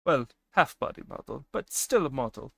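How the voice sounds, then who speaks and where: A man live-streams in a casual, chatty way, using a put-on persona voice, laughing frequently and cursing freely. His medium-pitched voice has big pitch swings and is creaky, bright, husky, and forceful at a normal speed. The recording is dry.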